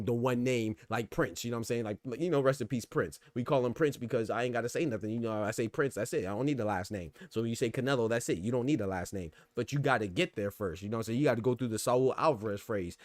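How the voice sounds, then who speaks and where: A man's voice: mid-range voice, no echo. A man hosting a boxing podcast, talking in a loose casual way and often saying "bro" and "you know what I'm saying". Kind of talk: casual chat reacting to live chat.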